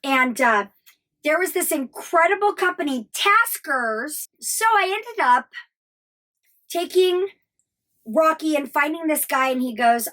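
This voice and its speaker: A woman's voice: sits high, animated, slow, fairly bright tone. An American woman in her thirties telling a personal travel story, candid and emotional, swearing freely. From United States. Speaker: travel vlogger.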